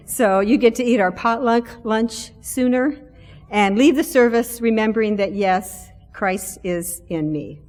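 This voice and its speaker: A woman's voice: fairly high pitch, moderate pace, a little mellow. A middle-aged woman giving a sermon in a church, conversational, with self-deprecating humor. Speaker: lay preacher. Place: church sanctuary. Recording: long church reverb.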